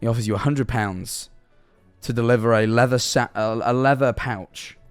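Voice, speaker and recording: A man's voice: medium pitch, steady tone, normal speed, clean tone, faint music behind. A young man chatting on a live stream, rambling through absurd hypotheticals and answering his chat. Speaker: livestreamer.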